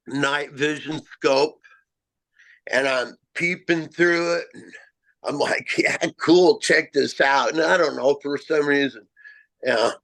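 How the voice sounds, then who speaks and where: A middle-aged man telling a first-person story of a strange encounter, halting and self-mocking, with frequent restarts. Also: mid-range voice, fairly bright tone, rough recording. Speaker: amateur Bigfoot researcher.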